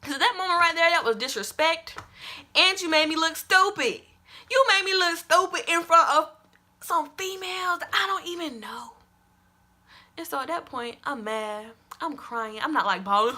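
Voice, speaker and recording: A young woman vlogger telling a story-time tale to her viewers, dramatic and animated, calling out to them as y'all. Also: high voice, normal speed.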